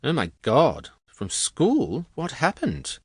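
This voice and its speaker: A man voicing an inquisitive young woman who is a bit religious and drily sarcastic, pitched well above his own voice. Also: expressive, a little slow, fairly bright tone, no echo, clean studio sound. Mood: curious.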